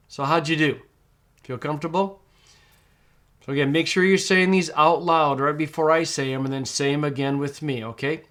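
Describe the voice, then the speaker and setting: A man teaching Greek pronunciation in a screencast tutorial, reading words aloud slowly and patiently, syllable by syllable. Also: a little high, steady tone, a bit bright.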